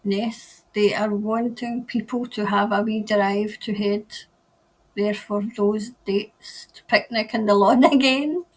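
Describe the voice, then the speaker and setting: Speaking slowly with a steady tone and medium pitch, a woman hosts a casual live stream as a tarot reader. She chats and rambles in reply to viewer comments, laughs often, and tends to leave sentences unfinished.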